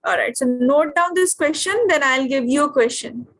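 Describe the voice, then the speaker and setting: A high-pitched woman with an Indian English accent teaches a physics class over a video call. She keeps stopping to ask her students what comes next and whether it is clear. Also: moderate pace, a bit bright. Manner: questioning, checks understanding often.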